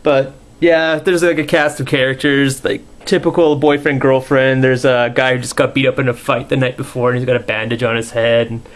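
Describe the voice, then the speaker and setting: A man's voice: medium pitch, little pitch movement, fairly quick, few pauses. A young man giving a casual, rambling movie review, full of fillers and swearing, dismissive in tone.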